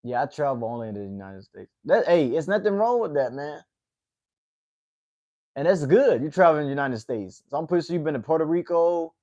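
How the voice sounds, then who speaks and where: A man's voice: fairly high pitch, animated, brisk, darkish tone, muffled recording. A man in his late twenties from Atlanta with a Southern accent, hosting a casual livestream and chatting with viewers. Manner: laid-back, chatty, reacting to chat. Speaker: livestream host.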